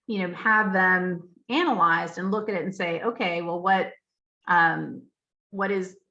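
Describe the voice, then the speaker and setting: A woman with a lowish voice walks teachers through spelling patterns, spelling out letters and checking in as she goes. The recording sounds dull and lo-fi. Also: fairly bright tone. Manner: explanatory, spells out letters, frequent "um" and "right?". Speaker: literacy teacher trainer. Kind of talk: professional development talk.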